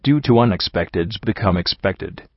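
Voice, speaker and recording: A man's voice: low-pitched, lively intonation, normal speed, no echo. A man voicing an earnest, brainy young pegasus mare in a storybook reading, musing aloud. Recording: dull lo-fi dry recording.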